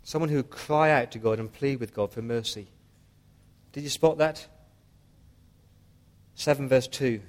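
A man's voice: medium pitch, a little slow, long pauses. A man preaching a sermon as pastor, earnest and pleading with his listeners.

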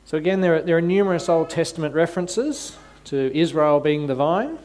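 A man's voice: on the high side, lively intonation, fairly quick, darkish tone. A man preaching a sermon, often repeating words as he restarts and slipping in wry asides.

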